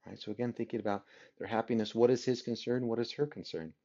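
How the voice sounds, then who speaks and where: In a dull lo-fi recording of a class lecture, a man with a mid-range, mellow voice speaks fast as he goes through a story for his literature students. He constantly checks in with them using rhetorical "right?" questions.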